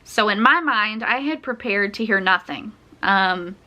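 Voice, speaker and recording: A woman's voice: medium pitch, lively intonation, measured pace, bright, forceful tone. A young woman chatting casually, telling a personal story with lots of fillers and frequent laughs. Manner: chatty, laughs often, uses many fillers. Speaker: vlogger telling her birth story.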